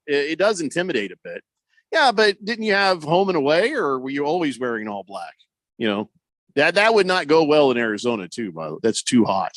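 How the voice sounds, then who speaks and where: This is a man co-hosting sports radio, reading listener comments and riffing on them with lots of fillers and restarts. His voice sits a little high for a man. The sound is close and dry, straight into a studio mic. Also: sing-song, a little fast, fairly bright tone, dry recording. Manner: loose and joking, many fillers and restarts.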